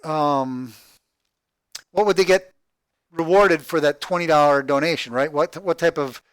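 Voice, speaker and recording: Halting, rambling man thinking aloud. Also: on the high side, fairly bright tone, clear, resonant tone, no echo. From Texas, USA. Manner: halting, repeats words, thinks aloud, tags "right?". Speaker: crowdfunding project vlogger. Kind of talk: rambling screen-share walkthrough.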